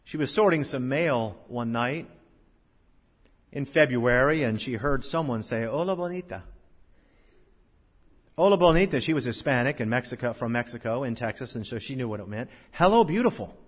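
A male pastor preaching a sermon, swelling to loud, drawn-out scripture recitations and dropping to hushed lows. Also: breathy edge. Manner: slow, drawn-out recitation of King James verses. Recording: long church-hall reverb.

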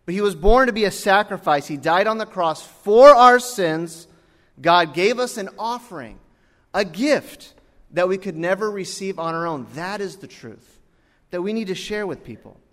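A young man preaching a Christmas Eve sermon from the pulpit, telling stories with lively acted-out dialogue. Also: high-pitched, normal speed. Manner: animated storytelling, acts out dialogue. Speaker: pastor. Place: church sanctuary. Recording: long hall reverb.

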